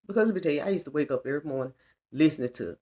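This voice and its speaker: A woman's voice: low voice, animated, racing, warm tone. Earnest middle-aged woman sharing testimony. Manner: earnest, colloquial, emphatic repetition. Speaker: spiritual vlogger. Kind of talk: personal testimony talk.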